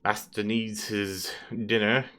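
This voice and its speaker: Deferential troll butler, played by a male GM; polite, apologetic, bright-toned. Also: on the low side, little pitch movement, slow pace, smooth. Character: meek troll servant, large and deferential.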